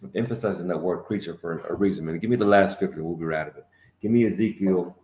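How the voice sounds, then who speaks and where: Deep-voiced fiery preaching man, echoey. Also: fast talker, darkish tone. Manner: emphatic, calls out prompts, tags lines with "man". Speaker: lead teacher of the class. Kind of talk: fiery street-preaching sermon. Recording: echoey room.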